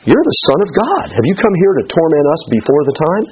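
A man's voice: a little high, huge pitch swings, fast talker, voice pushed up. A man voicing a frantic male demon who cries out in alarm, in a slightly muffled recording.

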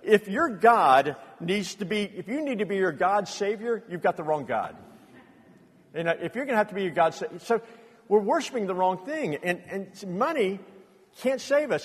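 A middle-aged man preaching a sermon as pastor, telling personal stories earnestly and rising to loud impassioned bursts. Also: high-pitched, breathy edge. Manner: earnest storytelling, builds to loud impassioned outbursts. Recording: long reverb of a large hall.

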